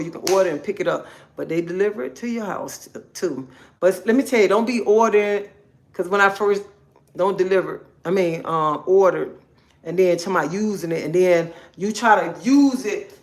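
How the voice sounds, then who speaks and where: Bossy woman livestream host. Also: medium pitch. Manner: bossy, repetitive, scolding, keeps asking okay. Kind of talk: casual livestream chat.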